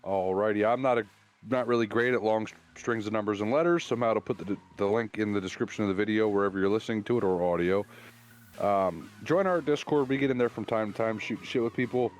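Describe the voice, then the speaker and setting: A man's voice: lowish voice, fast talker. A man co-hosting a casual podcast, telling long jokes in a rambling way with fillers and restarts. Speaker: podcast co-host.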